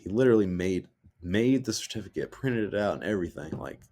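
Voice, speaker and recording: Low voiced podcast guy, cusses a lot, rambling heartfelt stories, just chatting. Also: expressive, fast talker, dark tone. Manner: swears freely, rambling heartfelt storytelling. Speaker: podcast co-host. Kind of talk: casual chat.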